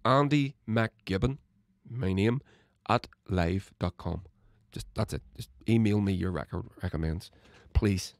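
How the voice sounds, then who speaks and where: On his solo political podcast, a host with a fairly low voice speaks unhurriedly, with few pauses, cursing nonstop through a heated rant that builds to shouts. The sound is clean studio audio, free of any room tone.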